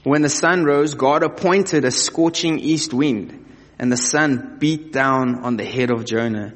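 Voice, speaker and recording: A man's voice: medium pitch, unhurried. A man preaching a sermon, reading scripture and then talking to the listeners in a conversational way, asking them direct questions. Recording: long hall reverb.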